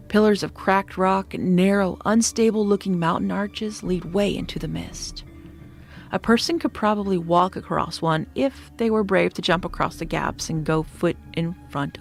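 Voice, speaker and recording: A woman narrating a scripted horror story in a steady, descriptive manner, sometimes dropping to a hush. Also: fairly low pitch, gravelly. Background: faint background music.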